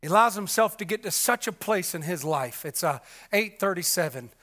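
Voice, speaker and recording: A man preaching a sermon with passion, repeating himself and restarting often, moving between loud cries and hushed murmurs. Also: high voice, animated, normal speed. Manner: repetitive, restarts with many fillers.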